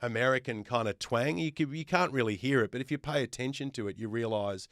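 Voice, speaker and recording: Aussie guy guest hosting a podcast, emphatic, rattles off lists, smooth clear voice, dry close mic. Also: medium pitch, a little fast, fairly bright tone, no echo. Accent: Australian. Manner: emphatic, builds points with lists. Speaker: guest host. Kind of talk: casual podcast chat.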